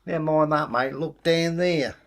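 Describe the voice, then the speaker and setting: A man's voice: a little high, moderate pace, pitched above the performer's own voice, lightly acted. A man voicing a cheeky, blunt male cat who calls everyone mate, in a told folktale. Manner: blunt, matey.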